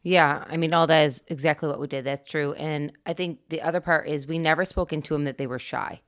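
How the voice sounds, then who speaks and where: A woman's voice: low voice, steady tone, brisk. A middle-aged woman co-hosting a parenting podcast, earnest and confident, giving advice in long flowing run-on thoughts. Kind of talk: casual conversational advice.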